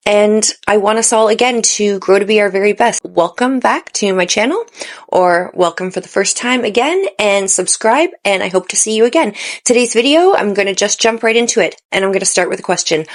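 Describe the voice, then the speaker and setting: Earnest, encouraging woman vlogger. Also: mid-range voice. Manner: earnest and encouraging, with stumbles and restarts. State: tired late at night. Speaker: lifestyle vlogger. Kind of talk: motivational direct-to-camera talk.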